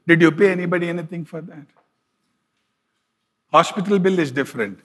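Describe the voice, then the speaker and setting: A man's voice: on the high side, a little fast, fairly bright tone, slight background noise. A middle-aged man, a pastor preaching conversationally and telling a story, chuckling often. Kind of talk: sermon with storytelling.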